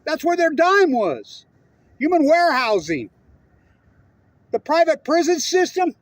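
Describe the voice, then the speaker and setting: A man's voice: very high-pitched, very animated, measured pace, no echo. A middle-aged man from Utah in a heated, profane, rambling political rant. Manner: profane, rambling, heated and jumping between topics. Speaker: political ranter. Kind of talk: unscripted angry monologue.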